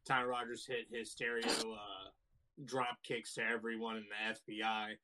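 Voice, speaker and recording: Bright-voiced man giving match opinions. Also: fairly low pitch, level tone, normal speed, rough recording. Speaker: podcast co-host. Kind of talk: casual chat reviewing wrestling.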